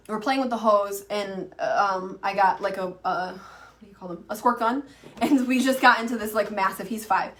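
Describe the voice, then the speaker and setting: A woman's voice: medium pitch, fairly bright tone, recorded from a distance. A woman in her thirties, an online coach, teaching in a chatty, rambling way full of fillers and restarts. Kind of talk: casual teaching to camera.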